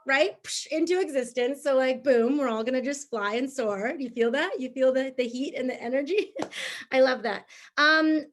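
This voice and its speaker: A woman's voice: high-pitched, animated, moderate pace. A woman talking to her team in an upbeat, chatty way, with lots of fillers and frequent laughs. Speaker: team leader. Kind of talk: motivational group talk.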